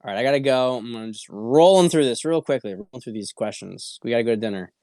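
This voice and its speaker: A male host talks through viewer questions on a casual livestream, blunt and sometimes profane, repeating his points. His voice is smooth and resonant at a middling pitch. The sound is dry and close, with almost no room behind it. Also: lively intonation, quick pace, a little mellow, no room sound. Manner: blunt and profane, with frequent repetition and restarts. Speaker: show host.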